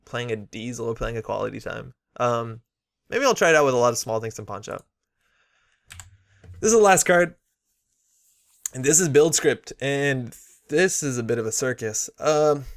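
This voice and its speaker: A man giving casual, opinionated commentary while unboxing and reviewing game cards, with frequent fillers. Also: medium pitch. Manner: chatty, opinionated, many fillers.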